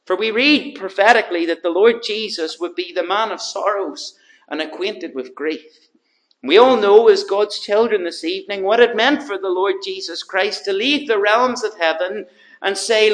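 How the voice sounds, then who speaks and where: A man preaching an evening sermon, swinging between loud urgency and hushed earnestness, with emphatic repetition. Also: high-pitched, normal speed, low-quality recording.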